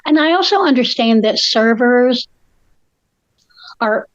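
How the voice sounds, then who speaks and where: A woman's voice: on the high side, animated, takes it slowly, no echo, muffled recording. An older woman, a co-host telling stories in casual chat, feisty and acting out the voices of the people she quotes.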